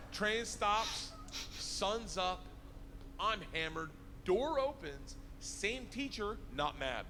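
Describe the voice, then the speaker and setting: Male stand-up storyteller, very animated delivery, audible background noise. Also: high voice, slow. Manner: animated, shouts punchlines, voices other people. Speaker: stand-up comedian.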